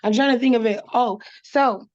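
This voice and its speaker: A woman talking as a guest in a relaxed conversation, chatty and full of casual fillers. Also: fairly high pitch, normal speed, no echo, dull audio. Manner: chatty, full of "like" and "you know".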